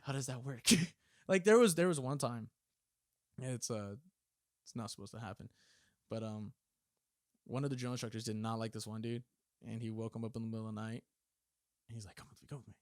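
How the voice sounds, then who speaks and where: A man's voice: on the low side, fairly quick, pauses often, no room sound, clean studio sound. A man in his twenties, a former Marine guest, telling profane stories in casual chat, laughing and acting out drill instructors' lines.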